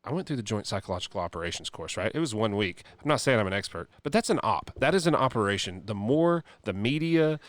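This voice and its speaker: A man's voice: lowish voice, expressive, fast, hardly any pauses, no echo. A man co-hosting a casual podcast, giving emphatic, opinionated rants with many fillers and restarts. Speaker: podcast co-host. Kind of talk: casual political chat.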